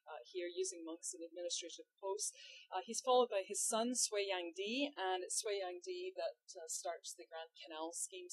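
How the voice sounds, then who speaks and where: A woman with a Scottish accent chatting through a history lesson in a lively, joking way. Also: fairly low pitch, slightly rough. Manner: lively, laughs often, chatty asides. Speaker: history teacher. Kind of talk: casual educational chat. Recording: poor audio with uneven levels.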